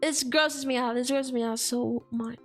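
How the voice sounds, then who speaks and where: A woman's voice: on the high side, fairly even intonation, moderate pace, faint music behind. A woman streamer in casual chat, slangy and exclaiming, heavy on fillers like "like" and "dude".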